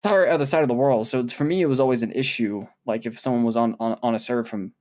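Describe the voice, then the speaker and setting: A man's voice: medium pitch, quick pace, darkish tone. A man chatting casually in a group podcast, rambling and repeating words as he thinks.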